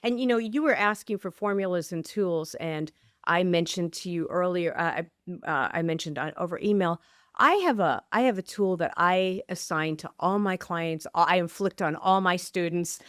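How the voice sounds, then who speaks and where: A woman's voice: on the low side, normal speed, fairly bright tone, clean tone, no echo, clean studio sound. A woman author and coach, a podcast guest, talking emphatically and restarting sentences eagerly. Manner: emphatic, affirms often with repeated yeses. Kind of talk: interview conversation.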